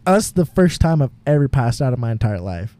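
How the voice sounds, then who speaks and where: A man's voice: mid-range voice, big pitch swings, fairly quick, dark tone, dry recording. A young man co-hosting a podcast, telling a long rambling story in casual chat, full of fillers and laughing often. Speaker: podcast co-host. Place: home garage.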